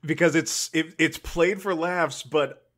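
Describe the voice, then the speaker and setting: A man's voice: a little high, a little slow, a bit bright. A man co-hosting a podcast, casually retelling movie scenes, acting out the characters' lines and swearing now and then. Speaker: podcast co-host. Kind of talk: casual chat.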